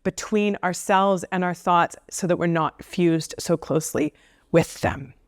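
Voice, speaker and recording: A woman counsellor giving casual advice straight to camera, playful, with joking asides and slower stresses on key points. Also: lowish voice, fairly even intonation, no echo, studio quality.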